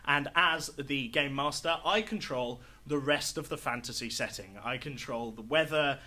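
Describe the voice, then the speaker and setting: Bright-voiced male game master. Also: medium pitch, normal speed. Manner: chatty, filler-heavy, upbeat. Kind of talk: live tabletop game hosting and narration. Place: live stage show before an audience.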